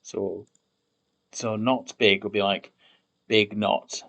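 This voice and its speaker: A man's voice: fairly low pitch, steady tone, slow, gravelly, fairly bright tone. A man streaming himself building a made-up language, thinking aloud while typing, muttering and repeating words to try them out. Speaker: conlang streamer.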